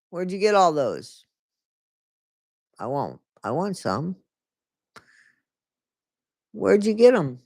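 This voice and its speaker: In a slow, sing-song delivery full of vocal fry and long pauses, a livestream host offers casual, plainly scornful commentary laced with swearing and asides to the chat. The voice is mid-pitched and darkish, recorded close and dry with no echo.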